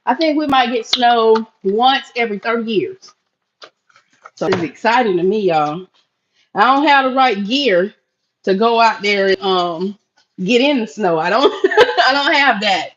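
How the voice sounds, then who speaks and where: Middle-aged woman from Florida, higher voice, chatty live-stream host cooking at home; dull, slightly noisy audio. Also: animated, measured pace. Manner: chatty, addresses viewers as y'all. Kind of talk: casual live-stream chat while cooking. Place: home kitchen.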